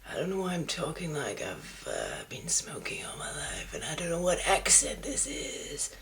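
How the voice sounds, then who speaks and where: A woman doing a husky, whispery drag man. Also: wildly swooping pitch, moderate pace, a bit bright, full character voice. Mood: gruff murmur. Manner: low murmured delivery, drifting accent. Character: husky-voiced young man drag persona, lifelong-smoker rasp. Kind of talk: comic drag character monologue.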